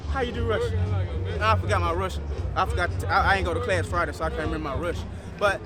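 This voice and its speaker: A man's voice: high voice, very fast, a crowd in the background. A young man, a college football player, clowning around for the camera with playful jokey asides.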